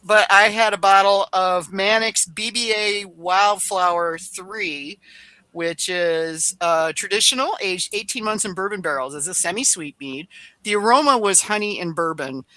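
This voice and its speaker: A woman hosting a casual podcast, with a bright, forceful voice. The sound is dry and close. She chats freely, walking through tasting notes. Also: mid-range voice, unhurried, no echo. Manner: chatty, describes tasting notes. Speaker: podcast host.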